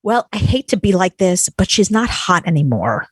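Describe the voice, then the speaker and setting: Young woman co-host, animated casual chat, dry close sound. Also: fairly low pitch, slightly rough, dry recording. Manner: animated, quick to act out quotes.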